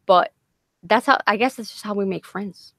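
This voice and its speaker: A woman's voice: mid-range voice, normal speed, fairly bright tone, dry recording, studio quality. A woman hosting a casual livestream chat, bantering and swearing freely. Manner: profane, laughing banter. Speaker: livestream host.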